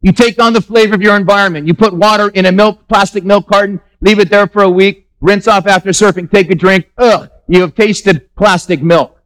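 A man's voice: high-pitched, steady tone, fast talker, hardly any pauses, fairly bright tone, low-quality recording. A man pastor preaching a sermon in a church, conversational and emphatic, asking the congregation questions.

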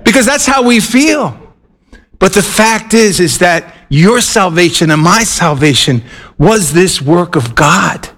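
A male preacher delivering a sermon, reading scripture aloud and speaking earnestly, with emphatic rises and slow, drawn-out stresses. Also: sits high, animated, a bit bright.

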